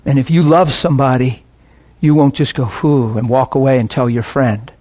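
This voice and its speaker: A man's voice: mid-range voice, brisk, darkish tone. A middle-aged man, a pastor, preaching a sermon in a passionate, conversational way.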